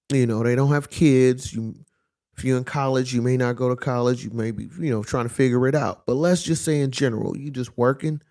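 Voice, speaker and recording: A man's voice: mid-range voice, a little mellow. A young adult man, giving a casual motivational monologue and often checking in with "you feel me?". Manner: conversational, repeats "you know what I'm saying" and "you feel me". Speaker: motivational speaker.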